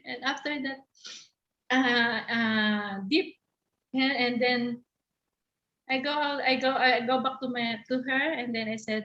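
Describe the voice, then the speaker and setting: A woman from the Philippines, a caregiver sharing her experience in halting, repetitive English. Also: a little high, fairly even intonation, bright, forceful tone, echoey room, muffled recording. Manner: halting, repetitive, searching for words. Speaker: caregiver and panel guest. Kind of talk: personal testimony in a discussion.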